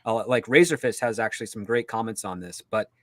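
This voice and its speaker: A man on a live panel chat, explaining his points in a measured way. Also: lowish voice, fairly bright tone, no echo, studio quality.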